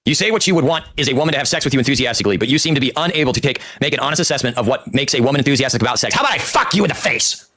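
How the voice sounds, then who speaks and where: A man's voice: medium pitch, very fast, few pauses, fairly bright tone, no room sound, clean studio sound. A man hosting a watch party, giving blunt, sarcastic reaction commentary. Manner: blunt, sarcastic put-downs. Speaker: stream host reacting to clips.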